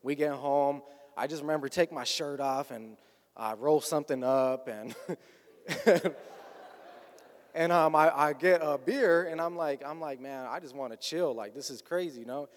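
With a slightly high voice and a moderate pace, a man appears as a guest looking back on his past. He narrates a personal story in a casual, conversational way, repeatedly acting out dialogue, all in a long hall reverb.

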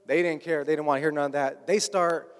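A man's voice: on the high side, steady tone, a little fast, clear, resonant tone. A man telling a personal story in a conversational way, often slipping into quoted dialogue. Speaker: guest recounting his past. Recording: long hall reverb.

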